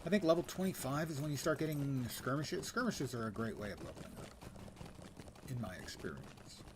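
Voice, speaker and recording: A man's voice: mid-range voice, very animated, fairly quick, background noise. Wry older man streaming a game. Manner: wry, self-deprecating, reads quest text aloud. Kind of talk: casual gameplay commentary.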